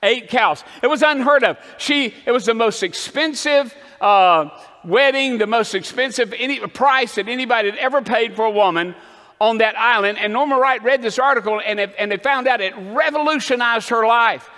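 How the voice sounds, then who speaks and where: A man preaching a rousing sermon as pastor in a church, calling the congregation to say amen and building to shouts. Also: very high-pitched, normal speed, in a large hall. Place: church sanctuary.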